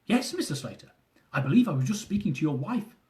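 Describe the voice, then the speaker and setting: Brief: male reader as an Indian-accented male official, polite, formal, pitched up, lively. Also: quick pace, echoey room. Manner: formal, repeats the listener's title.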